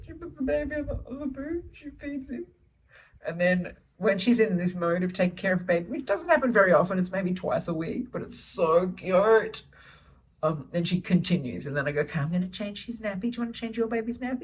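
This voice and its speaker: A woman's voice: fairly low pitch, distant mic, poor audio. A middle-aged woman chatting to camera about her children in a gushing, chatty way, recorded at home. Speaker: vlogger, solo mother. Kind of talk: casual chat to camera. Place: home, indoors, baby asleep nearby.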